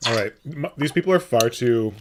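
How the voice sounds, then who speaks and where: A man's voice: mid-range voice, animated, a little fast, very noisy. A man hosting a casual live stream, joking and reading out viewers' names. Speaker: stream host.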